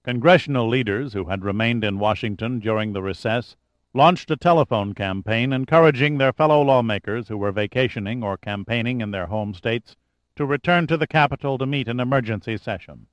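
A male audiobook narrator with a mid-range voice who reads in a measured, steady way. The recording is close and dry, with no room echo. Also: mid-range voice.

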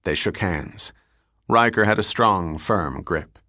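Male narrator, low voice, measured reading, dry close recording. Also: sharp tone, dry recording. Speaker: audiobook narrator. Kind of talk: scripted narration.

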